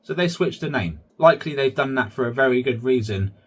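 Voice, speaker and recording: Chatty husky man hosting a vlog. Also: medium pitch, expressive, brisk, fairly bright tone. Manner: chatty, keeps addressing viewers as guys. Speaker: channel host. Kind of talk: casual vlog commentary.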